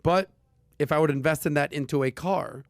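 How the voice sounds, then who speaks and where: A man's voice: on the high side, fairly quick, no room sound, clean studio sound. Emphatic male finance podcast host. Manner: emphatic, punchy delivery with lively asides. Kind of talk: casual finance podcast chat.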